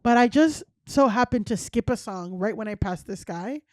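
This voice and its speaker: A woman in her thirties, a guest comedian on a casual podcast, telling lively stories and acting out quotes. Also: on the high side, moderate pace, no room sound, clean studio sound. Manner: animated storytelling, acting out quotes.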